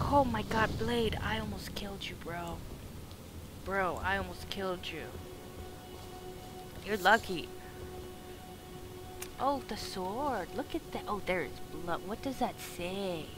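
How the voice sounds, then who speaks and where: A woman streaming a video game live. She comments excitedly, swears a lot and talks back to the characters on screen. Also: mid-range voice, slow pace, pauses often, rough recording. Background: game music.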